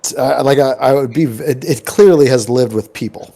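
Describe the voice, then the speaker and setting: A man's voice: mid-range voice, moderate pace, creaky, warm tone. Rambling, chatty man telling stories. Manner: rambling storyteller, many likes and ums, acts out quoted voices. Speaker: tabletop game player. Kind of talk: casual chat before a game session.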